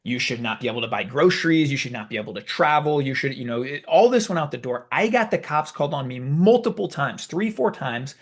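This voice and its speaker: A man hosting a video, telling a story in a casual, animated, conversational way. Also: mid-range voice, brisk, hardly any pauses. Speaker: video host. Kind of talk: casual talk to camera.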